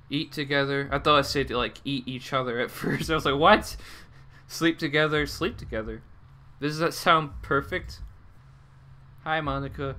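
A man's voice: mid-range voice, sharp tone. A young man doing let's play commentary and reading game dialogue aloud, jumpy and dramatic, swearing and breaking into sudden outbursts. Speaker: gameplay commentator.

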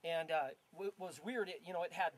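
A man telling an accident story in casual chat, animated and swearing often, repeating himself as he goes. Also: a little high, brisk. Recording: heavy background noise.

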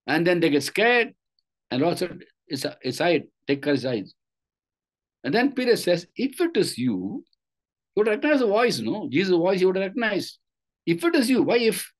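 A man preaching a sermon, retelling a scripture story with repeated phrases and rhetorical questions. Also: fairly high pitch. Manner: animated storytelling preaching, voice rising and falling.

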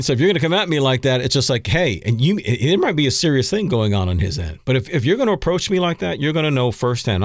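A man's voice: mid-range voice, no echo, studio quality. A man co-hosting a podcast, giving direct, coaching advice in casual talk. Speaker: podcast co-host.

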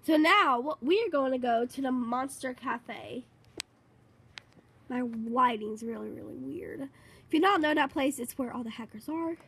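A woman giving casual gameplay commentary, excitable and rambling, repeating herself a lot. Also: high-pitched, a little slow, gravelly, a little hiss or hum. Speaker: gaming channel host.

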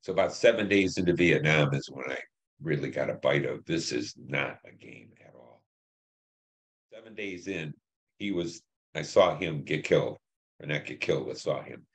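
Very deep-voiced older veteran man. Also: lively intonation, creaky. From Detroit, Michigan. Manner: plain, halting storytelling with many fillers. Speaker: Vietnam veteran interviewee. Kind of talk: oral history interview.

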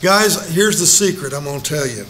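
Older guy preaching a bible study, folksy stories and jokes, kinda high voice, bit of background hiss. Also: lively intonation, moderate pace, fairly bright tone. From Los Angeles. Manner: storytelling, joking, acts out quotes.

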